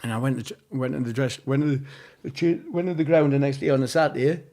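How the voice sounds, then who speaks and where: A man's voice: mid-range voice, fast talker, dark tone. A middle-aged man with a Geordie accent, telling rambling anecdotes as an interview guest, swearing freely and acting out the back-and-forth of old conversations. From North East England. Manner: rambling, heavy swearing, acts out quoted exchanges.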